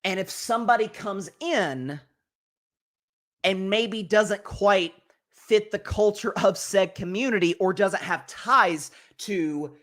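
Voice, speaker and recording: A man's voice: high voice, pushed and bright. Rambling man hosting a sports show. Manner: rambling, conversational, many restarts and asides. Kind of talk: college football commentary.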